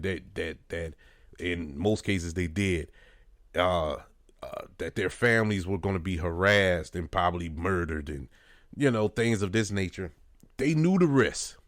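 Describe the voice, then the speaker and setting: This deep-voiced radio host from New Orleans sounds earnest as he gives casual commentary. The dry studio has no echo, and his talk is chatty and full of fillers.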